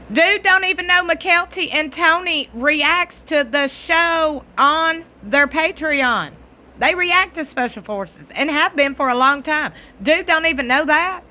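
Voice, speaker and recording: A woman's voice: high-pitched, bright, forceful tone. Sassy Southern woman vlogger. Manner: sassy, blunt, mocking. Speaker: commentary vlogger. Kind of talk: opinionated commentary.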